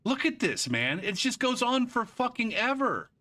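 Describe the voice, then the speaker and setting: A man's voice: very high-pitched, sing-song, moderate pace, sharp tone. A man streaming a game live, ranting about it in a frustrated, profane way and drifting into rambling asides. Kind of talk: live gameplay commentary.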